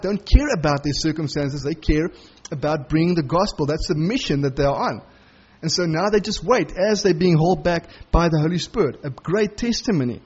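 A man's voice: high-pitched, slightly rough, muffled recording. A man preaching a sermon through a Bible passage, acting out the quoted lines as he goes.

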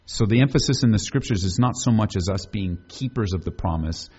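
A man's voice: on the low side, animated, brisk, darkish tone, husky, dull audio. A man preaching a sermon in a conversational way, putting questions to the congregation. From United States. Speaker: pastor.

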